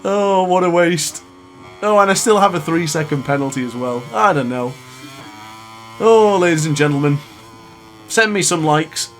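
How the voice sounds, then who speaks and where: A man's voice: a little high, expressive, moderate pace, pauses often, fairly bright tone, soft background music. A man in his late twenties commentating his own racing game live, ranting in frustration between exasperated laughs. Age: 20s. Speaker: gaming YouTuber.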